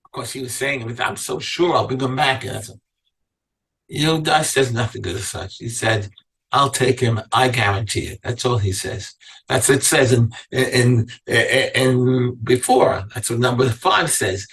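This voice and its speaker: A man's voice: mid-range voice, measured pace, a bit bright, breathy edge, far from the mic, rough recording. A man teaching a Torah class as a rabbi, reading verses aloud and then asking his listeners pointed questions. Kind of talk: Torah lecture to a live class.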